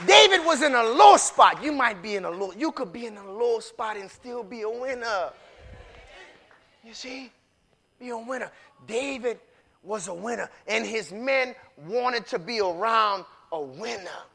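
A man preaching a sermon in casual, repetitive speech that swings from quiet storytelling to shouting. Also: very high-pitched, expressive, unhurried, creaky, some chatter behind, slight background noise. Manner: repetitive, casual street talk.

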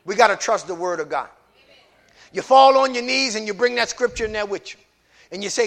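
A man preaching a passionate sermon, dropping to a hush and rising to shouts as he talks straight to his congregation with folksy asides. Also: sits high, a little fast, pauses often. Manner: impassioned preaching, swinging from hushed to shouted. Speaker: pastor.

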